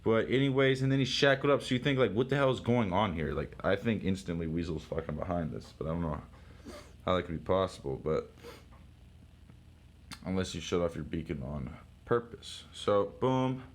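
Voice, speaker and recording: Young man, deep voice, casual comic commentary, excitable, profane, rambling. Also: normal speed, a little hiss or hum. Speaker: comic book reviewer.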